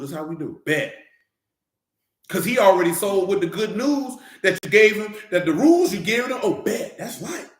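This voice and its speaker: A man's voice: high-pitched, roomy sound. A man preaching an informal Bible teaching, fiery and slangy, hammering his points with repeated rhetorical questions.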